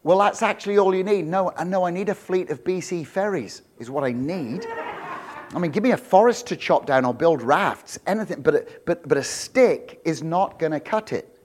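A preacher voicing a frantic, whining Moses, high-pitched and exasperated as he protests his hopeless situation. The voice stays close to the preacher's own chatty delivery. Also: animated, moderate pace. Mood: pleading. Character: panicked, whining biblical Moses, adult man.

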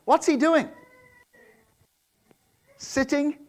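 A man preaching a sermon, swinging between loud proclamations and quiet asides, often repeating and restarting words. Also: extremely high pitch, fairly even intonation, drawn-out words. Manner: self-interrupting, repeats words. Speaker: pastor.

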